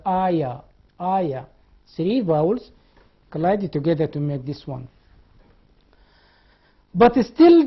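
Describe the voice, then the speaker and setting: Here the Sudanese university lecturer's mid-range voice sounds husky as he teaches a class, repeating important terms, spelling words out one letter at a time, and voicing sounds to show them. It's captured in dull, lo-fi classroom audio.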